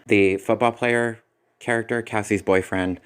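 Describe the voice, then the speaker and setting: A man's voice: on the low side, fairly even intonation, a little slow, clear, resonant tone. A man giving a spoken movie review in a critical, sarcastic way. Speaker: film reviewer.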